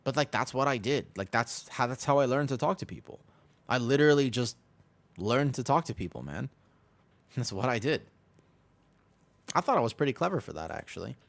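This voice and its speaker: Lively young man chatting while gaming. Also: mid-range voice, normal speed, gravelly, pauses often. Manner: rambling, self-interrupting storyteller, repeats himself. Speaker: streamer. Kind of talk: casual gaming stream chat.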